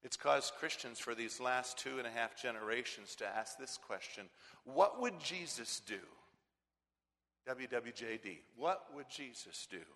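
A man pastor preaching a sermon emphatically, swinging between loud declarations and hushed passages. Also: medium pitch, moderate pace, few pauses. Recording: long reverb of a large hall.

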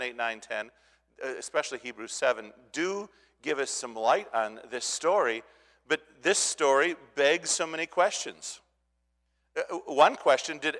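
A man preaching a sermon in earnest, swelling loud at times and dropping low, with frequent restarts. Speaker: pastor. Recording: long hall reverb.

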